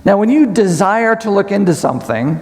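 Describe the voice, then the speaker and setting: A man's voice: high voice, lively intonation, a little fast, a little mellow, long reverb tail. A man preaching a Bible study sermon at a conference, asking the audience questions and explaining step by step. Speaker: conference speaker. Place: large conference hall.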